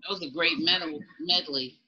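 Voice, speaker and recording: A woman's voice: deep voice, normal speed, noisy background. A woman hosting an interview over a video call, heaping praise and repeating herself enthusiastically. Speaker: interview host. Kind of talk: warm, effusive interviewing. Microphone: laptop on a video call. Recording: muffled video call audio.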